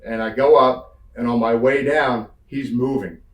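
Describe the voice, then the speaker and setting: A man's voice: medium pitch, measured pace. Guy from the northeast spinning wild road stories, acts out the quotes, sounds roomy and a bit far off. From Northeast United States. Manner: animated storyteller, acts out quotes, swears freely. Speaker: wrestling interview guest. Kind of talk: casual storytelling interview.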